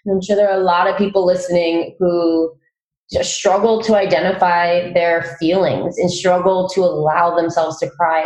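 A woman hosting a podcast, speaking in an earnest, reflective way and agreeing warmly with her guest. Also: fairly low pitch. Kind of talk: casual podcast conversation. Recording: echoey room.

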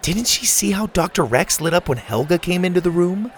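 A man's voice: high voice, expressive, a little fast, slight background noise, pitched above the performer's own voice. A man voicing a curious young camper girl who sounds sympathetic and wondering.

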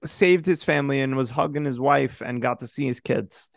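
Gravelly man with dry teasing quips. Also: mid-range voice, normal speed, no echo. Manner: dry, teasing one-liners. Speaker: podcast host. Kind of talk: casual movie chat.

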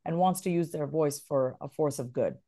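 A woman with a somewhat low voice talks in an interview with lively, expressive delivery. She is a voiceover artist and plays with her tone, demonstrating different ways of phrasing things. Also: normal speed. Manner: animated, acts out example phrasings.

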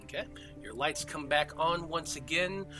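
A man's voice: fairly high pitch, moderate pace, sharp tone, faint music behind. A man narrating as game master of a tabletop game, talking loosely with many fillers.

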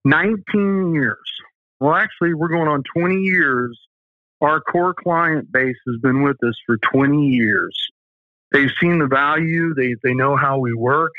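A man's voice: on the high side, unhurried, no room sound. A man with a Southern US accent, a safety company owner telling folksy, emphatic stories as an interview guest. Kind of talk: interview talk. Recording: tinny phone-like line.

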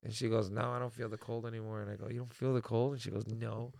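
A man from Canada co-hosting a casual podcast, telling stories in a lively way and swearing freely. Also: mid-range voice, rapid-fire, vocal fry, dry recording, studio quality. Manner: storytelling, animated, swears freely. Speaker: podcast co-host.

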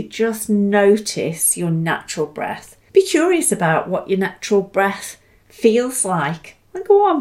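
A woman gently guiding a slow mindful breathing meditation, speaking in a soft and soothing way with an occasional sigh. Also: medium pitch. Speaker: mindfulness teacher.

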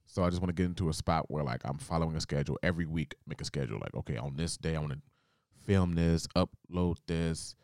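A man in casual chat, talking in a relaxed, rambling way as he loosely lists his plans. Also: rumbling low, fast talker, no echo, clean studio sound.

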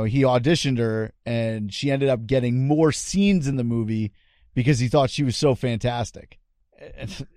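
A man's voice: mid-range voice, dry recording, studio quality. A man hosting a retro game show podcast, telling stories in a chatty, laughing way. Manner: chatty storytelling, laughs often. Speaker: podcast host. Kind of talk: casual podcast banter.

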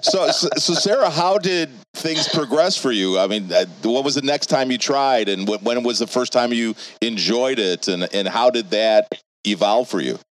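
A man's voice: mid-range voice, expressive, normal speed, poor audio. A man co-hosting a podcast, asking questions in a casual, teasing way. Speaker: podcast co-host.

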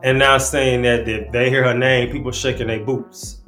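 A man's voice: medium pitch, flat delivery, moderate pace, a bit bright, soft background music. A man hosting a casual commentary show, talking in a laid-back, slangy way and often restarting his sentences. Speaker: host. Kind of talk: casual commentary breaking down rap lyrics.

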